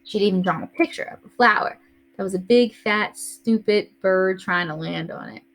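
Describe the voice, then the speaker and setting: A woman teacher reading a first-person novel aloud to a class in a steady storytelling way. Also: mid-range voice, moderate pace.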